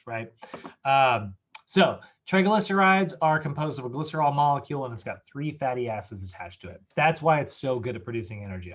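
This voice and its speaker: A man's voice: mid-range voice, lo-fi sound. A man teaching a casual online nutrition lecture over a video call, chatty and full of fillers, often laughing. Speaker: fitness nutrition instructor.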